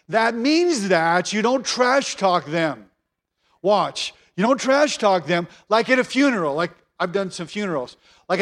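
A man preaching a sermon as pastor, earnest and repeating phrases for emphasis. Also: sits high.

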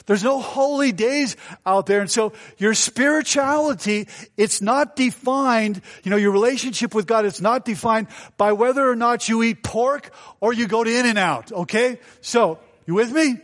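High-voiced joking male pastor. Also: moderate pace, a bit bright. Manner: storytelling, joking, asks the congregation. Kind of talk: sermon.

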